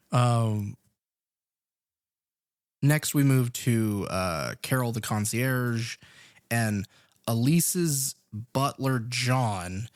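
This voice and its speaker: A man's voice: medium pitch, animated, very slow, long pauses, darkish tone, no room sound, clean studio sound. A man co-hosting a podcast, chatting casually and laid-back about a horror film, recapping the plot with plenty of fillers. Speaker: podcast co-host.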